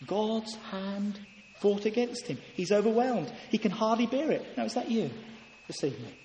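A man's voice: high voice, lively intonation, moderate pace, darkish tone, a little hiss or hum. A man preaching a sermon in church, earnest and full of rhetorical questions. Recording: echoey hall, heard from a distance.

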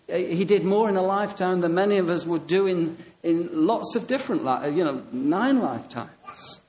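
A man's voice: a little high, low-quality recording. A man preaching a sermon, telling stories with quoted dialogue and repeating key phrases for emphasis. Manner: animated, storytelling with quoted dialogue.

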